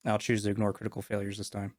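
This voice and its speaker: A man's voice: lowish voice, completely flat delivery, very fast, darkish tone, dry recording, studio quality. Man running a tabletop game. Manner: casual, many fillers and restarts. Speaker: game master.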